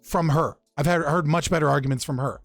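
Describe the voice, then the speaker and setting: Male host, fairly high pitch, dry close sound, blunt and swearing a lot. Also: fairly quick, no echo, soft background music. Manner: blunt, heavily profane, rambling. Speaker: podcast host. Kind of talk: casual chat.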